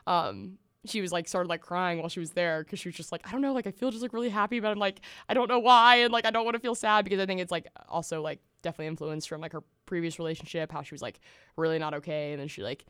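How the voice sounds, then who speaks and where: A woman's voice: on the low side, steady tone, fast talker, a bit bright, clean tone, dry recording, clean studio sound. Giggly young woman podcast co-host. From Tennessee, US. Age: young adult. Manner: giggly, lots of "like" fillers. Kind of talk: casual chat.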